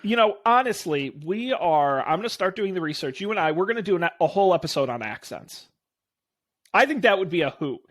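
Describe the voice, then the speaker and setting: A man's voice: high-pitched, lively intonation, fairly quick. A man co-hosting a podcast in casual chat, upbeat and jokey, wrapping up with plugs for upcoming episodes. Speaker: podcast co-host.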